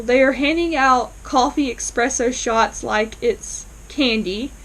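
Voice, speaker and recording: A woman's voice: on the high side, rough recording. A woman recapping a TV episode in a casual, chatty way, full of fillers and quoted lines. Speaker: fan reviewer.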